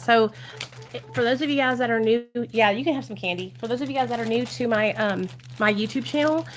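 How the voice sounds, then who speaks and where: A woman's voice: a little high, a bit bright. A woman in her thirties with a Southern US accent, chatting casually and affectionately on a live stream from home, laughing often.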